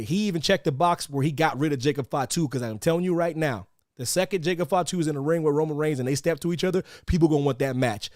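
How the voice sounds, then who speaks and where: Male podcast host, loud and excitable banter, slightly high voice, dry close mic. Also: no echo. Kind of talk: casual wrestling podcast chat.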